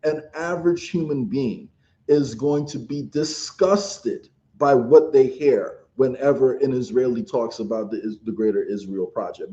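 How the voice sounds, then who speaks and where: Co-host, male, very dark mellow tone, dull lo-fi sound, rambling casual delivery. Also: mid-range voice. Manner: rambling, many fillers like "like" and "you know". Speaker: podcast co-host. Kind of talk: casual political podcast chat.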